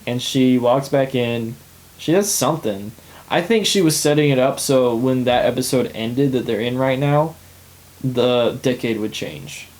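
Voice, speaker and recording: A man's voice: mid-range voice, measured pace, a little mellow, poor audio. A young man co-hosting a podcast, chatting casually and laughing often as he recaps a TV episode. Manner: chatty, laughs often, acts out characters' lines. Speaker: podcast co-host.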